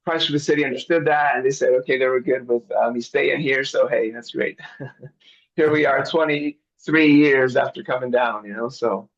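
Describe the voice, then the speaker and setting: This relaxed interview features a middle-aged missionary director, a former missionary kid who grew up abroad, who chuckles often. He speaks in a steady, mid-range voice at a moderate pace over a lo-fi video call.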